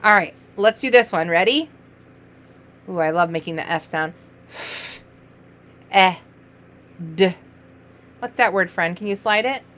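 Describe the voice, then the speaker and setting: A woman teaching early reading to young children, drawing out letter sounds and cheering each word with playful, sing-song praise. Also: medium pitch. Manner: encouraging, sing-song, playful praise with gasps and exaggerated excitement; slow, drawn-out letter sounds.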